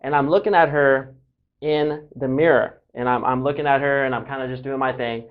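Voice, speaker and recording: A man's voice: medium pitch, steady tone, a little fast. A man from Southern California telling a casual story as a dating coach, breezy and cocky, swearing freely, in a dull lo-fi recording.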